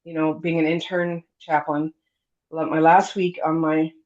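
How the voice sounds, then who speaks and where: A woman's voice: low-pitched, measured pace. A middle-aged woman, telling a personal story in a casual interview, acting out the other people's lines and using lots of fillers. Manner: lively storyteller, acts out quoted dialogue, many fillers. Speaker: guest telling her near-death story. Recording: dull lo-fi sound.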